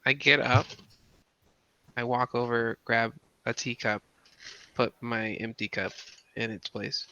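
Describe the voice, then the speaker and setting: Gravelly, slow-talking man on a dull mic. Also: mid-range voice, fairly even intonation, sharp tone, no echo. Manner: slangy, laid-back, laughing. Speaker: tabletop game player. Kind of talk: casual tabletop play.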